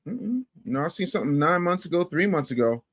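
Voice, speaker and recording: A man hosting a casual livestream, reading viewer chat and commenting, emphatic and repetitive, swinging from loud outbursts to low mutters. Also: sing-song, brisk. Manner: emphatic, repeats phrases for effect. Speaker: livestream host.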